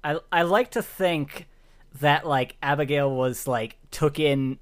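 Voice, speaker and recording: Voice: mid-range voice, slow pace. A player in a tabletop role-playing game, talking hesitantly with lots of fillers and giggles. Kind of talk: casual tabletop play.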